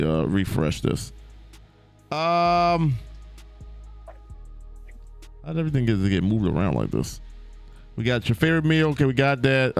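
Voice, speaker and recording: Podcast host guy, smooth clear voice, kinda halting reading questions. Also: mid-range voice. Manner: halting, loses his place while reading questions. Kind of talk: casual podcast interview.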